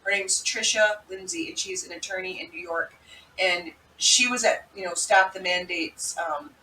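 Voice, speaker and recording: A woman hosting a vlog, telling a story in a chatty, animated way. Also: fairly low pitch, normal speed, a little hiss or hum. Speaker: vlog host. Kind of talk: casual commentary. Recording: echoey room, mic at a distance.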